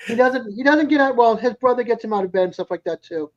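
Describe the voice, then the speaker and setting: A man's voice: very high-pitched, lively intonation, fast. A man with a Boston accent chatting casually on a live stream, laughing often. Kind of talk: casual chat. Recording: dull lo-fi stream audio.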